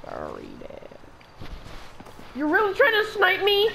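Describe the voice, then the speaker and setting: A woman's voice: very high voice, huge pitch swings, measured pace, bright, forceful tone. A woman playing a video game with a friend, joking, cursing and yelping in mock panic. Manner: playful, profane, yelps in mock panic. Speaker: gamer. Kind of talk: casual gaming banter. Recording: noisy game audio behind voice.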